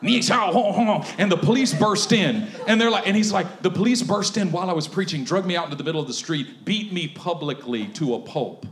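A man preaching a sermon through a personal story, swinging from hushed tones to shouting and laughing often. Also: high voice, fairly quick, hardly any pauses, roomy sound.

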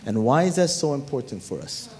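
A man preaching a sermon as pastor, animated and talking straight to his listeners, even humming tunes to make a point. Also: medium pitch, a little fast, a little hiss or hum. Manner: animated preaching, talks to the crowd.

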